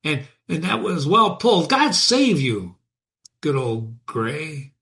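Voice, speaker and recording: Male reader as an angry carter bawling at his team, high and strained, wild swings in pitch. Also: big pitch swings, slow, creaky, full character voice. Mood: relieved. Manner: shouting, strained. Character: furious male cart driver yelling at horses.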